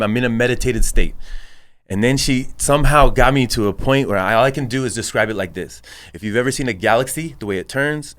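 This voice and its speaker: A man's voice: on the low side, fairly bright tone. A man from El Paso, a barber and business owner, talking as a guest in a casual podcast chat. He tells his story earnestly, swears a lot and fills gaps with "you know what I mean". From El Paso, Texas. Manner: earnest, heavy swearing, many fillers.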